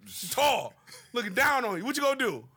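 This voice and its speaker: A man in his thirties co-hosting a casual chat, loud and teasing, laughing often and acting out scenes. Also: very high voice, very animated, fairly quick, slightly rough. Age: 30s. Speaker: podcast co-host.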